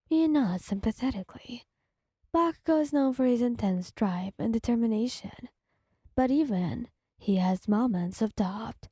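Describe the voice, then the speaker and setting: A woman narrating a second-person listener audio story in a soft, partly whispered delivery. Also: on the high side, expressive, moderate pace, husky, dry recording, clean studio sound.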